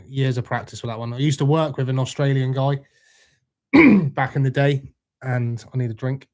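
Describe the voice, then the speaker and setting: This young British streamer reads viewer comments live, keeping things loose with easy jokes and plenty of swearing. His pitch is typical for a man, his pace normal, and his tone a little mellow.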